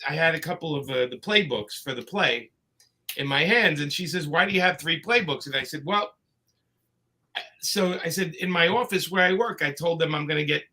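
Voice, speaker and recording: A man tells his stories in a loose, meandering way, stopping and restarting with plenty of fillers. His voice sits a bit high and comes across bright and forceful. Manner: rambling anecdotes with many fillers and restarts. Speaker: comics creator telling stories. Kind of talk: casual storytelling chat.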